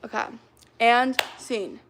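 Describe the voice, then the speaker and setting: A woman's voice: a little high, takes it slowly, a bit bright, slight background noise. A young woman livestreamer chatting casually with her viewers, rambling and full of fillers as she sets up acting games. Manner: rambling, filler-heavy, talks to chat.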